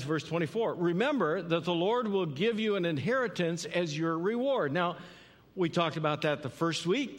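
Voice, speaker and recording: A man preaching a sermon in earnest, often repeating phrases and checking in with "right?". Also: fairly high pitch. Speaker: pastor. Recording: long hall reverb.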